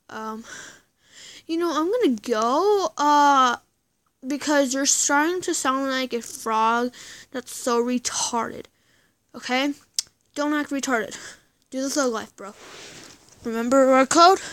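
A woman acting out a silly improvised skit on her own, switching between characters with whiny sighs and hushed whispers. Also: high voice, unhurried, long pauses, dry recording. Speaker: video maker. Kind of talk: improvised one-person skit.

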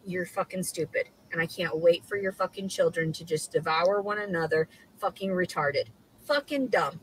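A woman's voice: fairly low pitch, normal speed, a little hiss or hum, low-quality recording. A woman in a played social media clip, ranting angrily with profane, accusatory outbursts. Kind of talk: angry ranting monologue.

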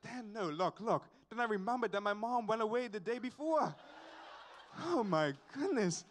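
A young man shares a testimony at a worship service, his voice pitched high. He tells it in an animated, repetitive way, full of sighs and asides. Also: normal speed. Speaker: church member giving a testimony. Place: church service.

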